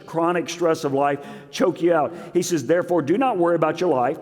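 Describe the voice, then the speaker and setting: A man preaching a sermon as pastor, swinging between loud emphasis and quiet asides. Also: a little high, long reverb tail. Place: church sanctuary.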